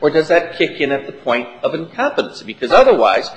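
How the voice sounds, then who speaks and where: A man's voice: a little high, sing-song, quick pace. A man serving as an appellate judge, methodically probing counsel with questions during oral argument. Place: large courtroom. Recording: reverberant courtroom.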